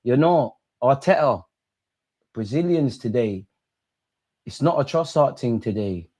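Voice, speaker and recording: A young man hosting a football watch-along, reacting live, shouting at players and the referee in heavy slang. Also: medium pitch, expressive, measured pace. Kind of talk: live match reaction commentary.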